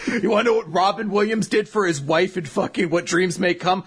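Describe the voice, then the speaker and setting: A man's voice: high-pitched, fairly quick, breathy edge. A man co-hosting a casual chat, riffing crude jokes and laughing often. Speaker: podcast co-host.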